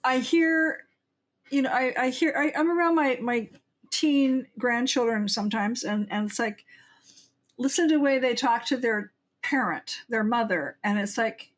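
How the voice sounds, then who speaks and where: Older woman guest, higher voice, animated rambling storyteller on a podcast interview. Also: normal speed. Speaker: guest author.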